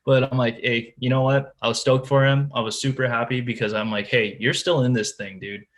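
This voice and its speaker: A man's voice: mid-range voice, fairly even intonation, fairly quick. A man guesting on a podcast, telling a tournament fishing story in a casual way, full of "like" and "dude" and often restarting his sentences. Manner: restarts and repeats words while telling the story.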